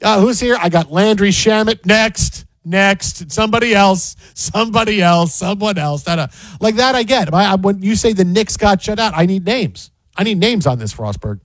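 High-voiced man in rambling sports banter. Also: normal speed, few pauses, no room sound. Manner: animated, rambling, emphatic with repeated phrases. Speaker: sports show co-host.

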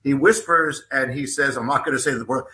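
A man's voice: medium pitch, a little fast, sharp tone. A man guesting as an author on an interview show, telling a personal story in a rambling way with many restarts and repeated words.

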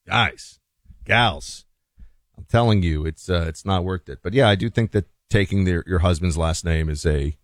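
A man's voice: low-pitched, normal speed, no echo, studio quality. A man hosting a radio talk show, giving a rambling, opinionated monologue full of restarts and quoted asides.

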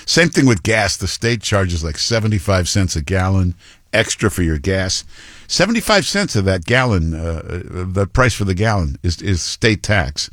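A man's voice: low-pitched, expressive, moderate pace, fairly bright tone, no room sound, studio quality. A male talk radio host giving blunt, mocking commentary with many fillers and restarts.

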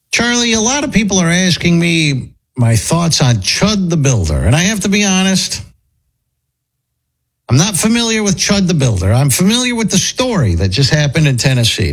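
A man's voice: mid-range voice, breathy edge. A man hosting a casual talk show, rambling and opinionated with frequent restarts. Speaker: podcast host. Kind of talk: casual commentary chat.

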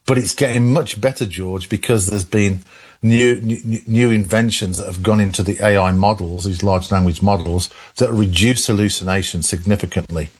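A man's voice: on the low side, steady tone, moderate pace, darkish tone, slightly rough. A man with an English accent, an expert guest on a call-in radio show, explaining at length with many restarts. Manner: rambling with many restarts and laughs.

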